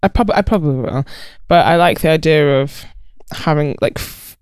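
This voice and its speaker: A woman's voice: low-pitched, animated, moderate pace, darkish tone, clear, resonant tone, no room sound, studio quality. A young woman co-hosting a podcast in casual chat, reflective but with crude humour. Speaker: podcast co-host.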